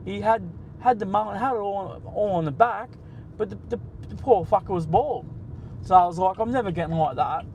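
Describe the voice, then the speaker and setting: Aussie bloke nearly 50, high-ish voice, swearing and ribbing his chat from the car, bit of traffic noise. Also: moderate pace, dark tone, highs cut off. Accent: Australian. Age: 40s. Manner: blunt, sweary, banters with chat. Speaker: livestream host. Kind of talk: casual live-stream chat while driving.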